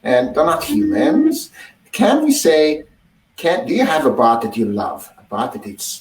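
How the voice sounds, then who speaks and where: A man's voice: medium pitch, big pitch swings, moderate pace, a little hiss or hum. Roomy, distant man hosting with hesitant questions. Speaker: co-host. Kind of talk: live show chat. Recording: roomy sound, distant from the mic.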